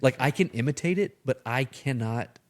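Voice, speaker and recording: A man hosting a podcast in casual, animated conversation, sometimes slipping into playful accent impressions. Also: mid-range voice, normal speed. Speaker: podcast host.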